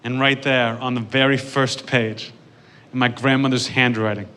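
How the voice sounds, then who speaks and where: Man, stand-up storytelling, dry and measured, bright forceful tone, faint noise. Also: medium pitch, fairly even intonation. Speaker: stand-up comedian.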